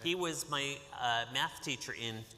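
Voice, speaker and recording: A man from Massachusetts reads a picture book to a young audience in a bright, forward voice. He coaxes the children to join in and keeps the pace lively. A long reverb hangs in the hall around him. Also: medium pitch, unhurried. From Massachusetts, USA. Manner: lively, coaxing, invites call-and-response. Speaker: author reading to children. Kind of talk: interactive picture-book reading.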